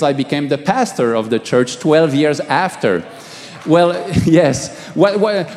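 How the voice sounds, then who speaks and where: Middle-aged pastor guy telling his story, kinda high voice, stumbles and repeats, hall echo. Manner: halting, repeats words, swings from hushed to raised. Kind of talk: testimony sermon. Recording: long hall reverb.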